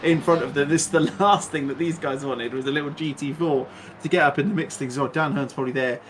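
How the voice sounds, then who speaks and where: A man doing live play-by-play commentary on a sim race, excitable and chatty, laughing often. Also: fairly high pitch, fast talker, a little hiss or hum.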